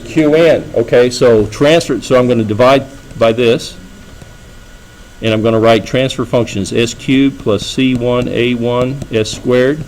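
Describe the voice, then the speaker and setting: A man's voice: mid-range voice, measured pace, darkish tone, a little hiss or hum, poor audio. A middle-aged man giving a classroom lecture, talking casually and checking in with the students often. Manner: conversational, asks students frequent checking questions. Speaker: engineering lecturer.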